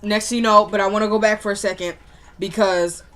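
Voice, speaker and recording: A woman's voice: medium pitch, a little fast. A woman casually recapping a TV episode, talking in a slangy, conversational way and animatedly acting out what the characters said. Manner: animated storyteller acting out quotes. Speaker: TV show recap vlogger.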